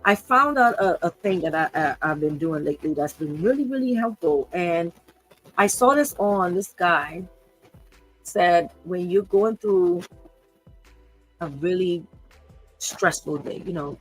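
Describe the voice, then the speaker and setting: A woman's voice: fairly low pitch, poor audio. Woman, fifties, hosts her own live show off the cuff; earnest, emotional, circles back on her words. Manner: emotional, earnest, repeats herself. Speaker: podcast host. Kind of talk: unscripted livestream talk.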